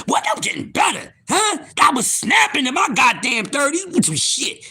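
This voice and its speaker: A man in his fifties hosts a live stream and rants at his viewers, loud, profane and incredulous. His voice sits very high and sounds sharp and bright, and it swings widely in pitch. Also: sing-song, normal speed, hardly any pauses. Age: 50s. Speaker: livestream host.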